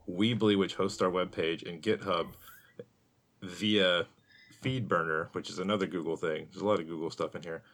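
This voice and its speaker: A man's voice: deep voice, a bit bright. A man co-hosting a podcast, explaining things in a rambling, casual way and laughing easily. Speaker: podcast co-host. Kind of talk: casual chat.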